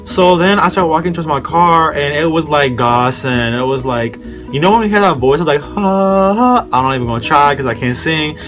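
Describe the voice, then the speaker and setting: A man's voice: a little high, brisk, fairly bright tone. A young man with a slightly raised voice rambles through a casual storytime vlog. He talks straight to his viewers in loose slang. Faint music sits under his voice. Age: young adult. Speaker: vlogger telling a story.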